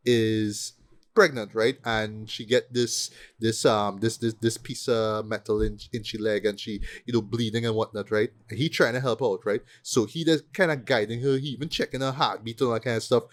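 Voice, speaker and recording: A man giving a casual, profane movie review rant, animated and often acting out quoted lines. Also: on the low side, moderate pace. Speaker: podcast co-host.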